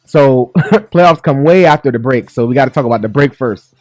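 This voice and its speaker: A man's voice: medium pitch, moderate pace, a little mellow, no room sound. A man hosting a sports talk show, joking and chatty, in a studio. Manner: upbeat, joking, laughs often. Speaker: sports radio host.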